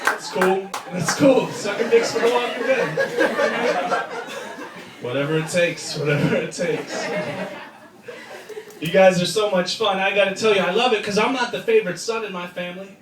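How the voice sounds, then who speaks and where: A brash man performs a crude stand-up set, his voice sitting fairly high as he mocks and jabs through punchlines. He is recorded from a distance in a roomy club, with loud crowd laughter rolling around him. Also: normal speed, heavy background noise. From United States. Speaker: stand-up comedian. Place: comedy club stage before a live crowd.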